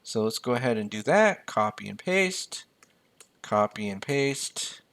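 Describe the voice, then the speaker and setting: A man raised in the United States walks through a finance spreadsheet, reading numbers aloud as he types. His manner is loose and jokey, like a friendly mentor. His voice sits at an ordinary middle pitch for a man. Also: big pitch swings, a little slow, fairly bright tone. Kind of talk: screen-share spreadsheet tutorial.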